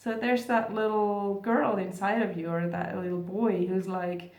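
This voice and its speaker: A chatty woman talking casually to camera as a coach, with a gravelly, fry-edged voice. She corrects herself as she goes and acts out the reactions she quotes. Her voice rings in an echoey room. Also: mid-range voice, little pitch movement, unhurried, a little mellow, recorded from a distance. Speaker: spiritual coach. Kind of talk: casual instructional talk to camera.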